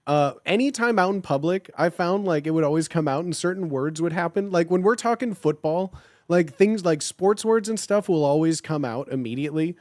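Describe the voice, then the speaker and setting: A man from Illinois with a Chicago accent chats loosely on a live stream, drifting between topics and padding his sentences with "like". His voice sits on the higher side for a man. The recording is close and dry. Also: animated, brisk, a little mellow, no room sound. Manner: rambling, lots of filler "like". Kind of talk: casual stream chat.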